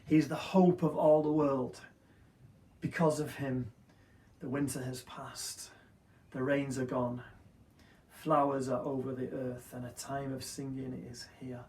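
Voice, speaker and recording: A pastor delivers an Easter sermon in a steady, earnest voice of middle pitch, building his points through rhythmic repetition. The sound is roomy and slightly distant, as if the mic sits away from him in an echoing room. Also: unhurried. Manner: earnest, rhythmic preaching with repeated phrases.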